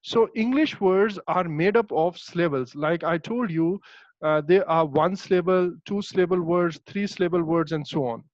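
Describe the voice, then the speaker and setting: High-voiced man teaching pronunciation, lo-fi. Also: no room sound. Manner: patient, repeats words slowly, checks understanding. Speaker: English teacher. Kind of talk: online pronunciation lesson. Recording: dull lo-fi dry sound.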